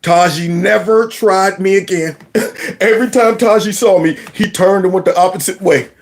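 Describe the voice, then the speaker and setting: A man's voice: high-pitched, normal speed. A man hosting a political commentary vlog, folksy and storytelling, who keeps calling his audience y'all. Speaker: host.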